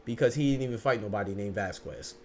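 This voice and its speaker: A man's voice: fairly low pitch, fast. A man hosting a boxing podcast livestream, talking casually and answering viewer chat in slangy speech. He often repeats words while he thinks.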